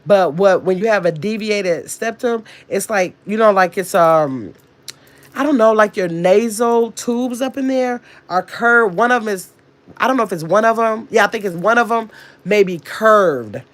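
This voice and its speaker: A woman's voice: medium pitch, normal speed. A woman with a nasal voice, chatting to her livestream audience in a rambling, casual way. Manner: rambling, chatty storytelling with restarts. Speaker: live streamer.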